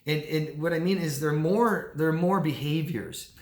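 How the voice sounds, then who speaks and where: A man, a coach, talking casually to camera with animated delivery, often repeating words. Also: on the high side, moderate pace. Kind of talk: casual talking-head video. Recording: echoey room.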